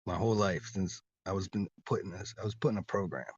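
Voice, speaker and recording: A rambling, insistent man with a lowish voice tells his story in loose casual talk, stumbling over repeated words. The audio is dull and lo-fi, with a dry, close sound. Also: quick pace, husky, dry recording. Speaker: interview guest.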